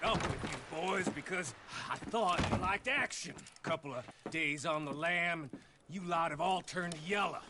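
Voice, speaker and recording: A man's voice: on the high side, measured pace, natural voice. A man voicing a spiteful, taunting male outlaw gunman in a western video game. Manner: taunting, drawling. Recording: game audio with loud background noise.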